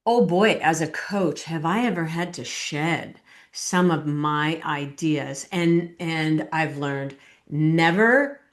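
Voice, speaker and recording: A woman's voice: deep voice, slow pace. Woman podcast host, speaker coach. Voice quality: warmly affirming listener, many short agreements. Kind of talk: podcast interview.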